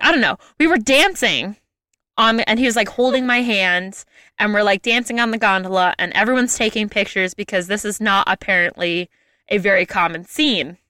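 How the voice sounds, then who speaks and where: Bright, chatty young woman storyteller. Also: medium pitch, no room sound, clean studio sound. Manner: lively, chatty, frequent "like" fillers. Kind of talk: casual chat, telling a travel story.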